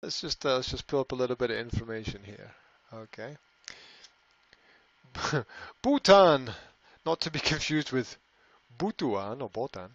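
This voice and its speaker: A man's voice: medium pitch, lively intonation, measured pace, a bit bright, no room sound. Rambling man on a dull live stream. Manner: rambling, repeats words, reads out viewer comments. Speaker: language school host answering live chat. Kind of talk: casual live-stream chat.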